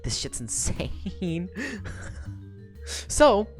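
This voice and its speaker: A woman's voice: lowish voice, sing-song, extremely slow, a little mellow, soft background music. A woman streamer recapping a book in a casual, rambling way, with lots of swearing and laughter.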